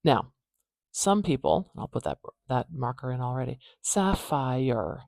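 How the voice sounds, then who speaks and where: A woman teaching pronunciation in a phonetics tutorial, patiently repeating words slowly to demonstrate their sounds. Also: extremely low pitch, very animated, vocal fry, darkish tone, no echo.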